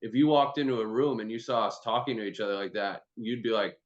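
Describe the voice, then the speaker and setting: A man's voice: on the low side, steady tone, quick pace, highs cut off. A man hosting a casual video-call chat as a performance trainer, talking loosely with lots of "like" and free swearing. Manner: loose, chatty, swears freely, many "like"s.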